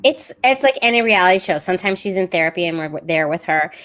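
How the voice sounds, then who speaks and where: A woman's voice: lowish voice, expressive, quick pace, fairly bright tone. A woman co-hosting a podcast in casual chat, enthusiastic and rambling, with frequent restarts. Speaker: podcast co-host.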